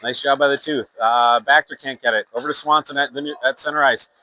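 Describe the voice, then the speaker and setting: A man's voice: mid-range voice, fairly even intonation, fast, bright, forceful tone, a little hiss or hum, poor audio. A man calling youth hockey play-by-play in a casual, rambling way, with fillers, self-corrections and sponsor plugs. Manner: reads sponsor plugs between plays. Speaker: play-by-play announcer. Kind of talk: amateur youth hockey commentary.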